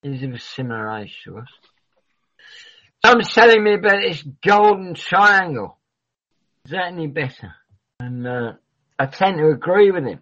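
A man's voice: on the high side, sing-song, normal speed, long pauses, sharp tone. A man hosting a livestream in casual rambling chat, who swears freely and often trails off mid-sentence. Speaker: livestream host. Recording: dull lo-fi recording.

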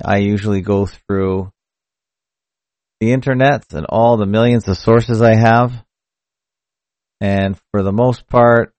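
On his solo live stream, a male podcast host chats in a loose, rambling way, often stopping mid-sentence to correct himself. His voice is fairly low and a little mellow, with no echo, recorded through a mic into a hardware audio box.

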